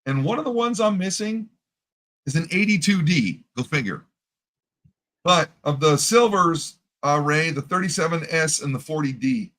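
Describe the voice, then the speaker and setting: Male co-host, slightly high bright voice, joking and chatty. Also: animated, poor audio. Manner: joking, chatty, drawn-out asides. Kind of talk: casual chat about coin collecting.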